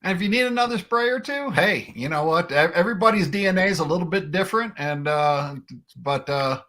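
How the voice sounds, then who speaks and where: A man with a bright, fairly high voice, chatting as a guest on a livestream. He talks casually and stumbles and repeats words as he goes. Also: animated. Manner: chatty, halting, repeats himself. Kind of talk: casual chat.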